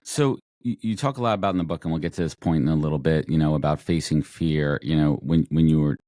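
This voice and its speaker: A man's voice: extremely low pitch, fast, dark tone, dry recording, studio quality. A man hosting a podcast, asking long rambling questions with restarts. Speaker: podcast host. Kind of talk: casual interview conversation.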